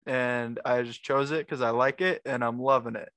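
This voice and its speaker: A man's voice: medium pitch, steady tone, normal speed, fairly bright tone, no room sound. A young man co-hosting a casual chat, upbeat and agreeable, laughing often. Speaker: podcast co-host.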